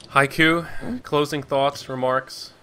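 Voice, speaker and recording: A man's voice: on the high side, steady tone, slow pace, sharp tone, clean tone. A man casting an online game match, joking and chatty between calls of the action. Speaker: esports caster. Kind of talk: play-by-play game commentary.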